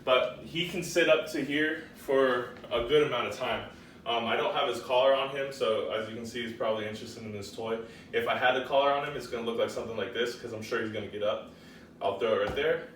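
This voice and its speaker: A man's voice: medium pitch, a little fast, fairly bright tone, reverberant, distant mic, slight background noise. A man working as a dog trainer, casually explaining his method with many ums and short commands.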